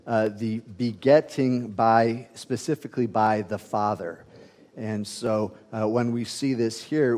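A man's voice: medium pitch, a little mellow, in a large hall. A man preaching a conversational teaching sermon, with frequent fillers and restarts as he works through a scripture passage. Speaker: pastor.

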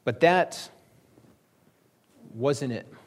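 A man's voice: mid-range voice, very slow. A male pastor preaching a sermon in a conversational, joking storytelling manner.

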